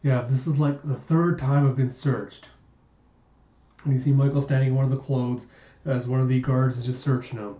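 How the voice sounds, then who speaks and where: A man's voice: mid-range voice, flat delivery, moderate pace, warm tone, reverberant, dull audio. A man narrating a comic book readthrough, reading the characters' dialogue aloud between chatty asides, sighs and groans.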